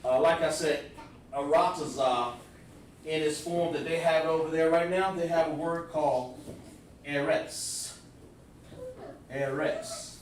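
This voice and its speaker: A fairly high-pitched man with fairly even intonation and a moderate pace teaches a scripture class streamed live. He addresses listeners directly as he explains words step by step. Slight background noise accompanies a very echoey room, with him far from the mic.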